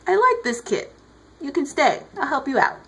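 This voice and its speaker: A woman voicing a mellow, laid-back male smith god who acts like a protective big brother. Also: high-pitched, sing-song, normal speed, pitched above the performer's own voice, heavily acted. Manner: mellow, chill.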